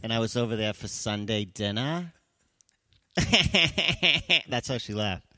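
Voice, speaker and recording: A man from the San Francisco Bay Area, a comedian, telling anecdotes on a podcast in a lively, animated way. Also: lowish voice, brisk, no room sound, studio quality. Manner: animated, tells anecdotes with put-on voices. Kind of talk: storytelling on a podcast.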